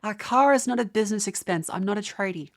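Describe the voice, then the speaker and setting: A woman's voice: mid-range voice, fast talker. A young Australian woman streaming live, chatting casually, exasperated and swearing as she rants at her chat.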